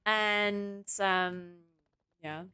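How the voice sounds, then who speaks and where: A woman's voice: medium pitch, steady tone, drawn-out words, sharp tone, smooth. A woman streamer chatting casually with her viewers from her apartment, talking in loose runs full of fillers and restarts. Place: home apartment.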